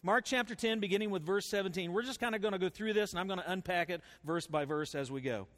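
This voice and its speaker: A man preaching a sermon as pastor, folksy and animated, swinging between loud bursts and soft asides. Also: sits high, quick pace. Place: church sanctuary with congregation. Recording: long hall reverb.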